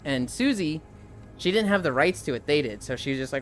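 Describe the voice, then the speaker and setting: A woman's voice: sits low, lively intonation, brisk, soft background music. A woman streaming live, chatting casually while she walks, telling rambling stories full of swearing and fillers. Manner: rambling storyteller, swears freely, trails off with fillers; talking while walking.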